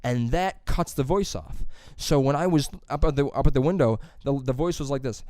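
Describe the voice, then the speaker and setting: Clear-voiced man telling rambling stories. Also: mid-range voice, a little mellow, no room sound, clean studio sound. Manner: rambling storyteller, swears, acts out quick impressions. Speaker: podcast co-host. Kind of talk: casual chat.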